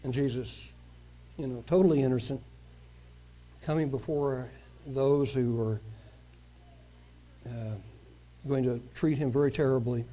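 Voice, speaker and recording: A man's voice: mid-range voice, steady tone, unhurried, long pauses, dark tone. A male preacher giving a sermon, reading a scripture passage aloud and stopping to comment on it in his own words.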